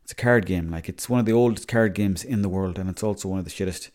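A man's voice: low-pitched, fast talker, darkish tone. Irish man rambling on a podcast. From Ireland. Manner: rambling, chatty, swears freely. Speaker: podcast host. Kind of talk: casual solo podcast monologue.

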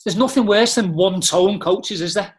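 A man tells animated, blunt dressing-room stories, full of slang and swearing. His voice sits a little high for a man. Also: moderate pace. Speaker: podcast guest, former footballer. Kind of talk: casual storytelling chat.

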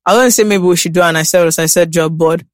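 A Nigerian woman in her late thirties co-hosting a chatty podcast. She talks with animated energy, sometimes jumping into shrill, playful squeals. Her voice sounds dry and close, with no room echo. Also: very fast. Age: late 30s. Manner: animated, breaks into shrill mock-scared squeals. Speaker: podcast co-host. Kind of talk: casual chat.

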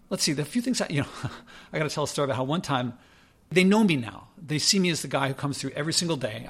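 Gravelly man telling a rambling story. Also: fairly high pitch, fairly bright tone. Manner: rambling, self-correcting, conversational. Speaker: blogger telling a personal story. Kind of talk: casual first-person storytelling.

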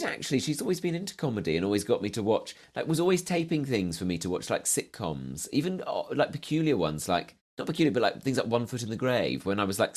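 A well-spoken man from southeast London talks as a comedian guest, telling stories with a wry touch. His voice sits a little low. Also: a little mellow. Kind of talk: casual chat.

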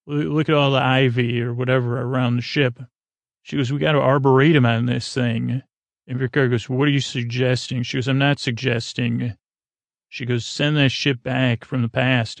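Flat, gravelly man rambling a recap. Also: mid-range voice, dry recording. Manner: halting and meandering, many fillers and restarts, dry jokes. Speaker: podcast host. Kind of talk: rambling bedtime-story episode recap.

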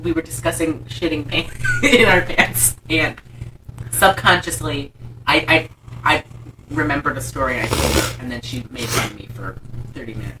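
A woman's voice: deep voice, normal speed, recorded from a distance, noisy background. A woman casually chatting as a podcast co-host, rambling and profane as she recaps a movie. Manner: rambling, profane, acts out characters' lines. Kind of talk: casual chat.

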